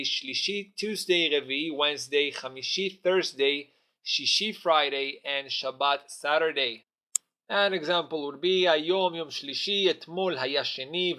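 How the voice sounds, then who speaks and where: A man with a fairly high, bright, forceful voice gives a recorded language lesson. He steps through the vocabulary slowly and methodically, pausing on each item. Hebrew is his first language, and he sounds like a patient teacher. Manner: patient, methodical word-by-word teaching with occasional "uh" fillers. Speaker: Hebrew instructor.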